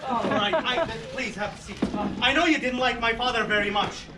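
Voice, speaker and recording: A man's voice: very high-pitched, lively intonation, normal speed, noisy background. An actor playing a grieving young man who pleads with his family, in a live stage play recorded from a distant microphone in a roomy space. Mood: pleading. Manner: earnest, pleading stage delivery.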